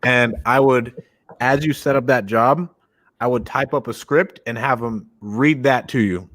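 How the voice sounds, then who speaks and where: A young adult man co-hosting a casual podcast, talking in a direct, energetic coaching tone. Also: mid-range voice, measured pace. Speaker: podcast co-host.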